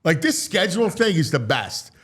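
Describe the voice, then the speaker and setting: A man hosting a sports talk show, gushing and loud with excitement. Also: on the high side, normal speed.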